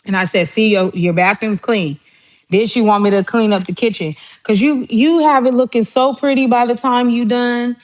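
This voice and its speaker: A fairly high-pitched woman talks at a moderate pace with fairly even intonation. While cooking on a casual livestream, she chats and tells family stories, laughing often and copying how her relatives talk.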